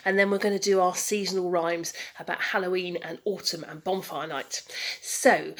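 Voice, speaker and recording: A woman, a children's librarian, leading a rhyme time for little ones in a cheerful, coaxing, sing-song way. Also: medium pitch.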